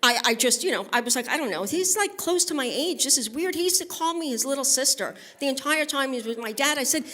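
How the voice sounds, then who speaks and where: A woman's voice: a little high, lively intonation, quick pace, few pauses, sharp tone. A woman from Brooklyn doing a stand-up comedy set on a studio stage, talking conversationally and bantering with the audience. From Brooklyn, New York. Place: live music studio stage.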